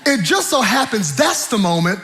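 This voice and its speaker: An animated male preacher delivering a sermon in a high, bright voice. He is humorous and acts out scenes vividly, his pitch swooping widely for emphasis. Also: normal speed, slightly rough.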